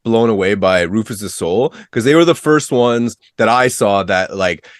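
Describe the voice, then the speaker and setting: A man co-hosting a casual podcast, telling a story in quick, excited bursts. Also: fairly low pitch, no echo, clean studio sound. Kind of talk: casual chat.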